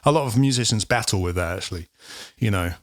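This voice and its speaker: A man co-hosting a casual chat, relaxed and loose, with plenty of "you know". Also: on the low side, quick pace, no room sound, studio quality. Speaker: podcast co-host and musician.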